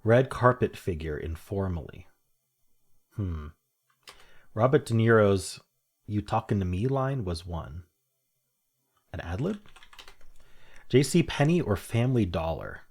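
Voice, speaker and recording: Working through word puzzles on stream, this young man chats to himself, laughing at his own jokes as he thinks aloud. He speaks in a lowish, darkish voice.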